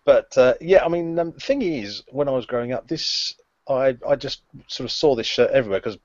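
A man's voice: mid-range voice, a little fast, darkish tone, dry recording. A man co-hosting a podcast, leading the casual chat with lots of ums and uhs. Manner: chatty, hesitant with frequent ums and uhs. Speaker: podcast co-host leading the discussion. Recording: dry, dull lo-fi sound.

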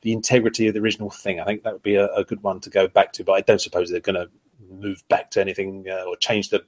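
Measured podcast co-host man. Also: sits low, flat delivery. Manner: thoughtful, measured, with light humour. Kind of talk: casual podcast chat.

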